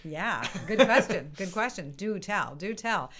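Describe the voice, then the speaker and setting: A woman's voice: medium pitch, animated, unhurried, a crowd in the background. A woman hosting an online music session, chatting casually and greeting the participants one by one with frequent laughs. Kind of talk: casual live-stream welcome. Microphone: computer mic on a video stream.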